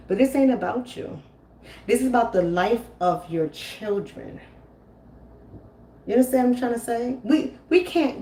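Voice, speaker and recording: A fairly high-pitched woman with a dark tone, in her 40s, hosts a home live stream of casual commentary. She is preachy and emphatic and repeats her phrases. The audio is roomy and distant, with a little hiss or hum.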